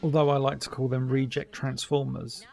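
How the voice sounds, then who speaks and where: A man's voice: mid-range voice, little pitch movement, moderate pace, gravelly, darkish tone. A middle-aged man giving a casual, chatty commentary over an old cartoon, wry and mock-dismissive. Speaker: commentary host.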